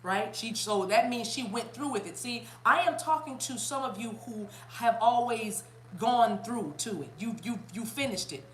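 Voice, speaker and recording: A woman with a fairly high voice gives a lively, chatty spiritual reading. She talks to her viewers with plenty of energy. Her voice rings in a roomy space over a faint hum. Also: normal speed. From South Carolina, US. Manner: animated, chatty, bursts into laughter and song. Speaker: spiritual reader. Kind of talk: casual spiritual reading to camera.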